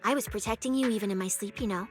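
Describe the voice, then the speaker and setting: An actress voices Cecilia, a playful young public security specialist who loves food, in a video game. Her medium-pitched delivery is rapid-fire and lightly acted as she teases and jokes, with music playing behind the game audio.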